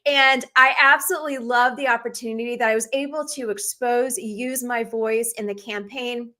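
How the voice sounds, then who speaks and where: Forties woman talk show host, bright and a touch high, bold and emphatic, live stream. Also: steady tone, normal speed. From Northern United States. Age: 40s.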